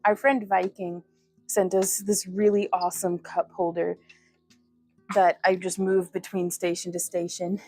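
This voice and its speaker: A woman's voice: on the low side, flat delivery, measured pace, a little mellow, soft background music. A woman hosting a casual livestream, chatty and giggly, often laughing at herself. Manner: giggly, chatty, self-deprecating. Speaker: livestream host.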